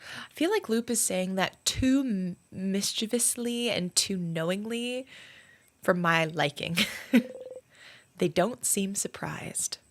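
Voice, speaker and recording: A woman's voice: medium pitch, slow. A woman giving casual, chatty commentary while playing a video game, musing aloud. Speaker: let's play gamer. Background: game music.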